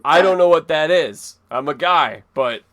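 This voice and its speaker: A man's voice: fairly high pitch, lively intonation, measured pace, fairly bright tone. A man hosting a casual interview, laughing along and asking short questions. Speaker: host.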